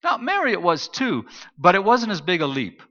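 A man's voice: high-pitched, wildly swooping pitch, normal speed, pushed and bright. A man preaching a sermon as pastor in a church, talking in a loose conversational way and telling stories with many fillers and restarts. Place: church auditorium. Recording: distant reverberant hall, muffled sound.

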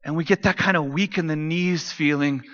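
A man's voice: on the high side, normal speed, a bit bright, dull audio. A man preaching a sermon from the stage, conversational and dropping joking asides to the congregation. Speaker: pastor.

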